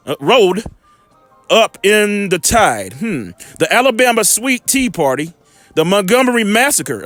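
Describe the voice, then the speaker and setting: A man delivers a loose, rambling bible lesson in a high, animated voice that rises and falls a lot. He keeps checking in with his listeners and drops in salty asides. The sound is dry, with faint music underneath. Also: dry recording. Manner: rambling, checks in with 'all right?', blunt profane asides. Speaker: bible teacher. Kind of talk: informal scripture teaching and commentary.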